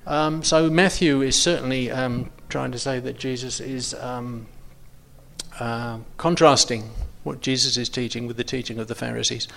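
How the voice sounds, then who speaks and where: A man's voice: mid-range voice, fairly even intonation, normal speed, vocal fry, a bit bright. A man leading an informal Bible study, talking hesitantly with many ums and restarts.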